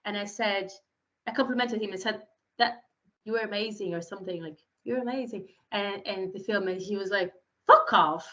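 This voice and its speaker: A woman, a filmmaker in an interview, telling animated stories and acting out the lines of the people in them. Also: medium pitch, fairly quick. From Brazil. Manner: animated storyteller, acts out quotes, laughs often. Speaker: filmmaker guest. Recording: slightly muffled recording.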